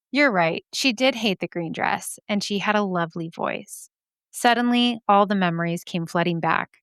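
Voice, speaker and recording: A woman's voice: medium pitch, fairly bright tone, smooth, no echo, studio quality. A woman hosting a podcast, reading listener mail aloud and reacting in a chatty, emotional way, laughing often and swearing casually.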